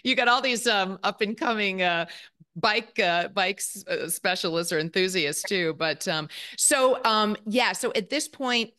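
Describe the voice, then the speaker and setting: A woman's voice: mid-range voice, unhurried, sharp tone. A woman podcast host asking curious, chatty questions, with frequent ums and restarts. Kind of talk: casual interview questions.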